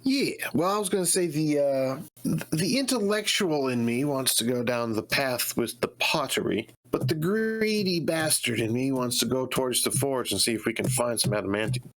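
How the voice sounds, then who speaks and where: A man's voice: medium pitch, lively intonation, moderate pace, a bit bright, rough recording. A man playing a character in a tabletop game, talking casually and thoughtfully with fillers. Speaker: player.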